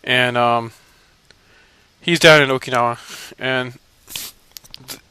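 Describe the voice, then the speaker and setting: A man's voice: medium pitch, steady tone, slow pace, sharp tone, a little hiss or hum. A man giving casual, profane commentary over gameplay, laughing and mocking the characters. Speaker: video game let's-play commentator.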